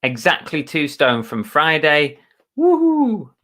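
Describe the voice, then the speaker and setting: A man's voice: mid-range voice, takes it slowly, fairly bright tone. A man hosting a casual live stream chat, greeting viewers by name in a chatty, self-mocking way with mild muttered curses.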